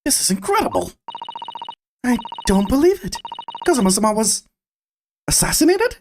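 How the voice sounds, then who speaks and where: A man voicing an eager, excitable young woman assistant in a high, breathy falsetto, reading game dialogue aloud. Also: normal speed, background noise, exaggerated voice. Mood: shocked. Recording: game music behind.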